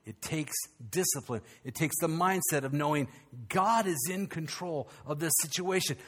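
Older man, pastor, bright edgy voice, fairly high, animated sermon. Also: moderate pace, breathy edge. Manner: animated preaching, swinging from loud to hushed.

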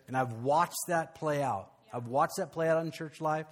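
A male pastor, preaching a conversational, animated sermon with frequent restarts. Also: on the high side, normal speed.

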